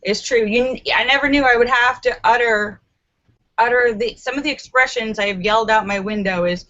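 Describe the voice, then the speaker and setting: A woman hosting a casual live stream from a room at home, animated and giggly as she reads viewer comments. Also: a little high, normal speed. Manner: chatty and animated, giggles often. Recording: slightly muffled lo-fi.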